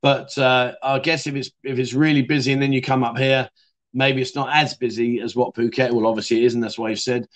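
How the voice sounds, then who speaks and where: A man's voice: medium pitch, flat delivery, a little fast. A middle-aged man hosting a casual livestream chat show, talking matily and reading out viewer comments. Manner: chatty, matey, reads out viewer comments. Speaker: livestream host.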